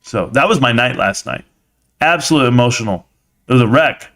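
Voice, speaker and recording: A man's voice: mid-range voice, expressive, normal speed, fairly bright tone. A man hosting a casual live stream, chatting with viewers as a slangy, blunt storyteller.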